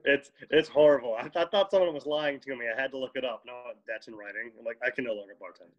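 A man's voice: mid-range voice, fast talker, dull audio. A man, a chef guest on a podcast, chatting casually with easy chuckles. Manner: relaxed, chuckles between remarks. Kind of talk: casual chat.

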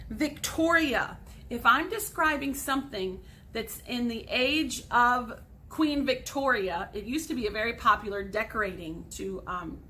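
A woman's voice: on the high side, bright, forceful tone, slight background noise. A woman in her forties, a sixth grade teacher, patiently explaining grammar step by step in a recorded lesson for students at home.

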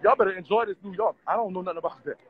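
A man's voice: sits high, rapid-fire, narrow, tinny audio. A man, vlogging on city streets in a brash, profane, laughing rant. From Louisiana. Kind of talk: casual street vlog rant.

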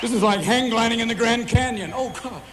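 A man's voice: extremely high pitch, fairly bright tone, a little hiss or hum. Manic man in his forties doing stand-up. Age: 40s. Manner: manic, rapid-fire, constantly switching voices. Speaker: stand-up comedian. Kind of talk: live stand-up comedy. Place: large live venue.

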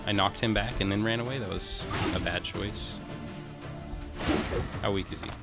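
Guy rambling through his game, talks at the screen, low voice with a lot of fry. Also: moderate pace, loud music behind the voice. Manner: chatty, talks to himself and the game, frequent restarts. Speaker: let's play host. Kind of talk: casual gameplay commentary.

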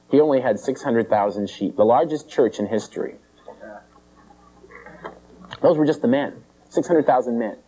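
A male preacher giving a conversational, animated sermon and acting out the characters in the story. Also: mid-range voice, low-quality recording.

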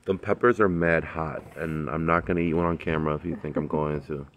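A relaxed man chatting to his viewers from his backyard garden, his voice sitting very low. He talks in an easygoing, slangy way, full of ums and uhs, as if filming on a phone outdoors. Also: fairly quick, a little hiss or hum. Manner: laid-back, slangy, lots of fillers. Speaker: vlogger. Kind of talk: casual chat.

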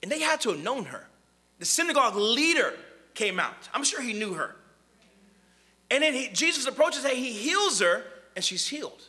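A young adult man preaching a conversational sermon, animated and acting out the voices he quotes. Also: very high-pitched, normal speed.

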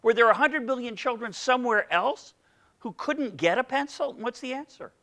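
A man's voice: extremely high pitch, moderate pace, a bit bright. A middle-aged man giving an economics seminar lecture, playful and full of questions for the audience. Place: lecture room.

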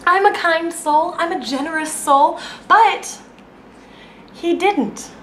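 A woman's voice: very high-pitched, takes it slowly, a bit bright, slight background noise. A woman comedy vlogger delivering an exasperated, emphatic comic rant to the camera. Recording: echoey room.

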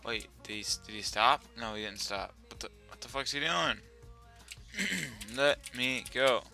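A young man giving profane, excitable commentary while playing as a server admin, often repeating himself. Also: medium pitch, slow, vocal fry, pauses often, faint music behind. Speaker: Minecraft server admin streamer. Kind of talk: gameplay commentary while recording.

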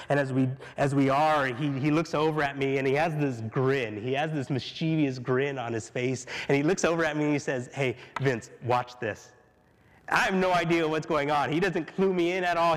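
A man delivers a sermon, telling stories with animated energy, frequent laughter and restarted phrases. His voice sits high for a man. A long reverb from a large hall trails every line. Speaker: pastor.

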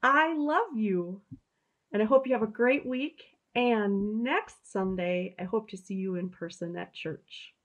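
Gentle woman telling a children's story. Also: mid-range voice, fairly even intonation, a little slow, hardly any pauses. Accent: Upper Midwest American.

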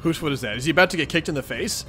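Young guy rambling through a comic readthrough, bright lively voice, faint music under it. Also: a little high, racing. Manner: excitable, chatty, lots of fillers. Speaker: host reading a webcomic aloud. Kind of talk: casual reaction commentary.

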